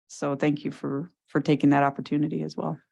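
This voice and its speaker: A woman's voice: sits low, flat delivery, a little fast, vocal fry, a little mellow, dry recording, dull audio. Casual woman giving a director's report. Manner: casual, many fillers. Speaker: extension director. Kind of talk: meeting report.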